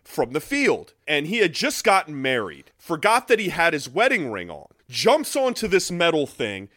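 A man with a fairly high voice that swings widely in pitch as he tells a story, laughing often and dropping the occasional curse. The sound is dry and close, with no room around it. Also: normal speed, no echo. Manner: animated, laughs often, swears casually. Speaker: podcast co-host. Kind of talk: casual chat.

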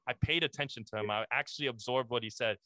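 A man's voice: mid-range voice, fast, bright, forceful tone, no room sound. A young man, a podcast guest, telling a casual story full of slang and swearing, calling the listener "bro".

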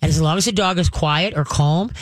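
A woman's voice: low voice, fairly quick, dry recording. A woman hosts a radio call-in show, giving dog-training advice in a casual, chatty way. She laughs often and acts out what the dog might be thinking. Her voice comes through a studio microphone with a dry, close sound.

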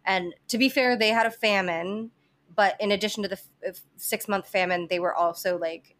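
A woman's voice: mid-range voice, steady tone, normal speed, a bit bright. A woman hosting a podcast, telling a history story in casual chat, with many fillers, restarts and some swearing. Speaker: podcast host presenting history.

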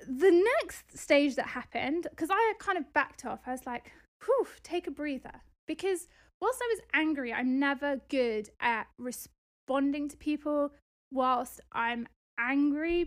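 High-voiced, indignant woman. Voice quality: animated, indignant retelling with exasperated outbursts. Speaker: podcast host and property investor. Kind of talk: casual storytelling podcast.

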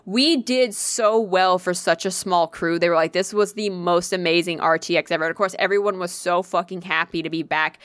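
A young woman casually telling an excitable, profanity-laced story, acting out the voices of the people in it. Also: lowish voice, normal speed, few pauses, clear, resonant tone, dry recording, studio quality. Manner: excitable, swears freely, acts out quoted voices. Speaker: convention volunteer telling a story.

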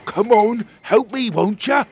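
A man's voice: high voice, takes it slowly, vocal fry, a little mellow, a little hiss or hum, voice pushed up, heavily acted. A man voicing a determined male platypus father in a storybook reading, sounding strained and eager. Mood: straining.

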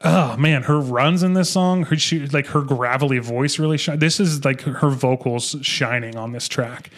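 A young man hosting a podcast, chatting casually and excitedly about an album, swearing and restarting his sentences. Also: mid-range voice, moderate pace. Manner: excitable, profane, rambling with restarts. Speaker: podcast host. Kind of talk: casual music review chat.

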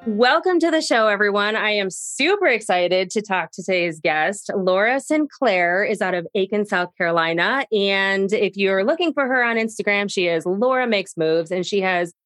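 An American woman hosting a podcast interview, bubbly and gushing, with quick chatty asides. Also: mid-range voice, expressive, fairly bright tone, faint music behind. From United States. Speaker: podcast host. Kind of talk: casual interview chat.

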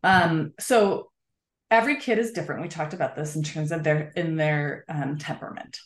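Woman guest author, lower voice, echoey room. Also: moderate pace. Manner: earnest, explanatory, many fillers. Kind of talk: conversational interview. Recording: roomy echo.

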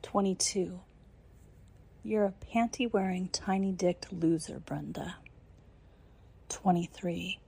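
A woman performing a scripted dominant role-play monologue in a commanding, taunting manner, often dropping into breathy whispers. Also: medium pitch, unhurried, pauses often, darkish tone. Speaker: narrator.

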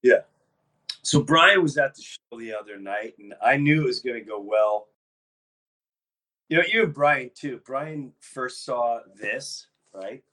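A man hosting a podcast in casual chat, talking in a low-key, subdued way with a sore, worn-out throat. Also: unhurried, sharp tone. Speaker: podcast host.

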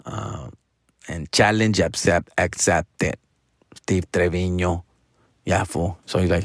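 A man's voice: sits low, fairly even intonation, takes it slowly, gravelly, pauses often, breathy edge, dry recording. Slangy, profane comedian man, dry sound. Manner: profane, slangy, drops in Spanish phrases; loose, rambling, loses his train of thought. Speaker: stand-up comedian. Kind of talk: casual rambling monologue.

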